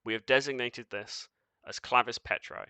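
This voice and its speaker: A man voicing a cold, commanding being of shifting light in a tabletop game, speaking in measured, formal pronouncements. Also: mid-range voice, fairly even intonation, pushed and bright, smooth, dry recording.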